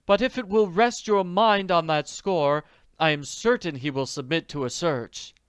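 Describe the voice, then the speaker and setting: A man's voice: on the high side, clean tone, dry recording, studio quality, voice pushed up. A man doing a stiff, polite inn manager. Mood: formal. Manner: quiet, measured, slightly impatient.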